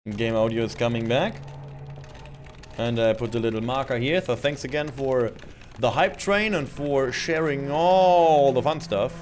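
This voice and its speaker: A man's voice: mid-range voice, measured pace, faint music behind. A man giving casual live-stream gaming commentary, rambling with lots of fillers. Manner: rambling, filler-heavy, animated.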